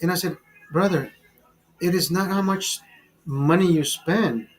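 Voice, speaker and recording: A man's voice: high voice, measured pace, rough recording. A man in his forties, the channel's host, telling a rambling story in a casual, profane way, full of restarts and laughter, and calling the listener brother. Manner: frequent laughter. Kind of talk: casual storytelling over a beer.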